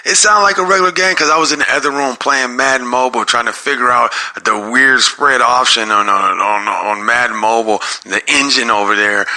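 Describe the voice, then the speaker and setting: A man's voice: mid-range voice, sharp tone. A man hosting a solo sports podcast, rambling and getting worked up, repeating himself as he rants.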